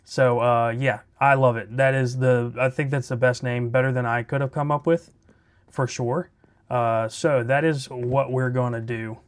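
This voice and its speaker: Man, let's play host, casual game commentary, laid-back, chatty, thinking out loud. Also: mid-range voice, flat delivery, unhurried, clear, resonant tone.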